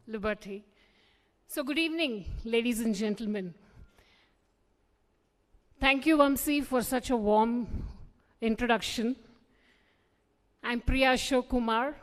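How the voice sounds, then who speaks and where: A woman, politely anchoring a formal stage event as master of ceremonies. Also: a little high. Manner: polite, poised and welcoming. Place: large auditorium. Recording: long reverb of a live auditorium.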